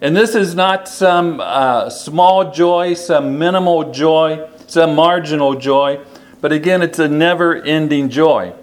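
Slightly high in pitch, a man's voice carries a sermon with slow, deliberate delivery. He emphasizes key phrases by repeating them.

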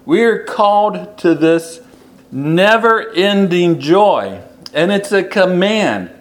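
A man preaching a sermon, slow and deliberate, repeating key phrases for emphasis. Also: high voice, expressive.

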